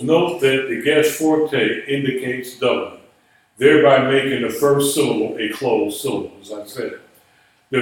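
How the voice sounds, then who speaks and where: A man teaching a Biblical Hebrew class in a classroom lecture style, patiently explaining rules and spelling words out letter by letter. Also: mid-range voice. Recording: echoey room, voice far from mic.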